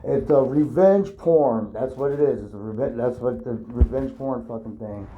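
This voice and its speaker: Rambling, profane man on a dull recording. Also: mid-range voice. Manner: profane, halting, full of fillers and restarts. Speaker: storyteller recounting his own ordeal. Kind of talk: rambling personal account. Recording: dull lo-fi recording with faint hiss.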